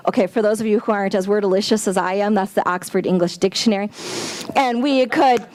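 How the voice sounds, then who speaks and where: A woman giving a sermon-style talk at a spiritual center, animated and exclamatory, with playful asides. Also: medium pitch, fast, dry recording. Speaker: guest speaker at a spiritual center.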